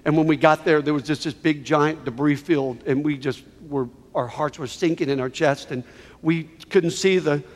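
A male preacher with a high voice delivers a sermon as a gripping story. He swings from quiet, heavy passages to loud, pleading peaks. His voice rings with the long reverb of a large hall. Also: steady tone, normal speed. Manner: emotional, swells from hushed to near-shouting.

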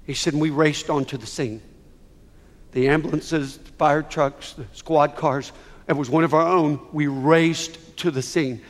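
High-voiced preacher in a big hall. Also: male voice, fairly even intonation, measured pace. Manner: emotional, swells from hushed to near-shouting. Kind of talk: sermon storytelling. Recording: long hall reverb.

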